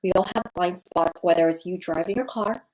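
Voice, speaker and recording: A woman's voice: fairly low pitch, fairly quick, low-quality recording. A woman in her thirties, a people skills coach, telling a personal story in a casual advice vlog, repeating key phrases for emphasis. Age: 30s. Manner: animated storytelling with frequent repetition for emphasis.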